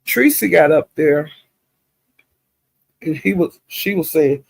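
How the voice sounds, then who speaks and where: A man's voice: fairly high pitch, animated, slow, gravelly, long pauses, breathy edge, no room sound, poor audio. A man talking casually to a livestream chat, gossiping in a drawling, chatty way and speaking to viewers directly. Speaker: commentator recapping livestream drama.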